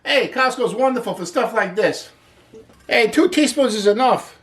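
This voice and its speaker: A man's voice: very high voice, animated, moderate pace, a bit bright, slightly rough. A man hosting a casual cooking demonstration, chatty and upbeat as he explains each step while he works. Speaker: cooking show host. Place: home kitchen.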